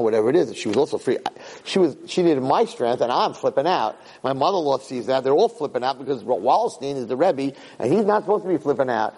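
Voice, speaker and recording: A middle-aged man giving a Torah lecture as a rabbi, talking at a medium pitch. He tells personal stories with animated emphasis and often doubles back to repeat and restart his words. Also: fast, husky, low-quality recording.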